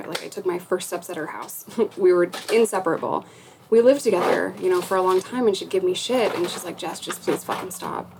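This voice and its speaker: A woman's voice: mid-range voice, darkish tone, a little hiss or hum, poor audio. A young woman guest in a casual interview, talking frankly and profanely, with a self-mocking laugh. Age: young adult. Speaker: podcast guest.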